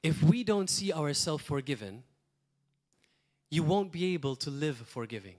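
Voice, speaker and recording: A man preaching in a lively, loose and rambling way, now and then slipping into acted-out quotes. His voice sits a little high for a man. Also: moderate pace. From Malta. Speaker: pastor. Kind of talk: sermon.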